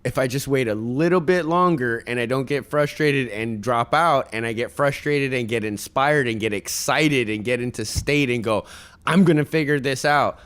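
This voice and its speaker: A man's voice: medium pitch, normal speed, few pauses, fairly bright tone, clean tone. A man who is a guest on a casual podcast, giving motivational parenting advice and telling family stories in an earnest, direct way. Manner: tells stories and acts out other people's voices.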